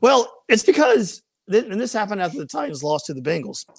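A man in casual chat, telling animated stories, laughing often and acting out other people's voices. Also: sits high, fairly quick, creaky, no room sound, clean studio sound.

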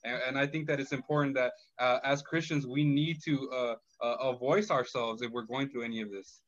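A man in a Christian discussion, speaking slowly and thoughtfully, with many fillers and frequent "right?" checks. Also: mid-range voice, steady tone, fairly bright tone, dull audio. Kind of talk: casual faith discussion.

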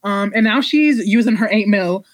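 A woman co-hosts a podcast at medium pitch and normal speed, in a dry recording. Her casual chat is frank and full of fillers, with some swearing.

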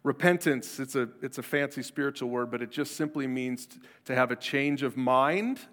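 A man's voice: medium pitch, normal speed, a bit bright. A man preaching a sermon as pastor, in a conversational style that acts out the people he quotes. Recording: long hall reverb.

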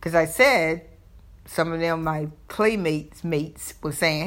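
A woman's voice: low-pitched, a little slow. A middle-aged woman with a Southern US accent hosting a solo podcast, rambling and often restarting her words. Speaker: podcast host. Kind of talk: casual solo podcast monologue.

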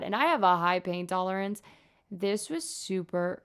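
A woman's voice: on the low side, a little slow, clear, resonant tone. A young adult woman, a nurse, speaks candidly and earnestly about her own experience in a casual vlog. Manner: candid and earnest, talking openly. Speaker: nurse sharing her own health story. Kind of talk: casual personal vlog talk.

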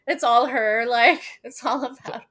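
Female podcast co-host, high bright voice, unhurried, giggly, reads her notes aloud. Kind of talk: casual TV episode recap chat.

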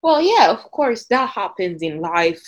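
A woman chats on a podcast she co-hosts. Her pitch sits in a middle range, and she often breaks off and restarts words as she talks things through. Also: very animated, a little slow. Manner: chatty, restarts words mid-thought. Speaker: podcast co-host. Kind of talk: casual podcast chat.

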